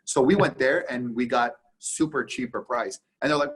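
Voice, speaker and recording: Heard in a casual business podcast interview, this Canadian guest has a husky, slightly rough mid-range voice. He makes his points emphatically and keeps dramatizing conversations, jumping rapidly from one voice to the other.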